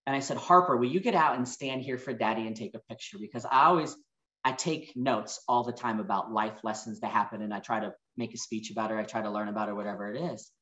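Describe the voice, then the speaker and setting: Telling personal stories with reflective pauses, a motivational speaker in his forties delivers an earnest, emotional talk. His voice is fairly low in pitch and a bit bright, with a roomy sound.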